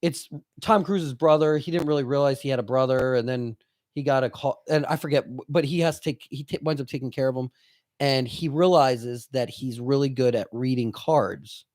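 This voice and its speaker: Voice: medium pitch, normal speed, dry recording, studio quality. A podcast co-host in casual chat, telling stories with lots of laughter and acted-out quotes. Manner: animated storyteller, laughs often, acts out quotes.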